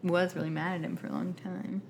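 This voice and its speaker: A woman with a fairly low voice chats on a podcast as an eager superfan, laughing easily as she explains the lore. A faint background noise runs under her voice. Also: flat delivery, a little fast, creaky, darkish tone. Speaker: podcast co-host. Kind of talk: casual chat.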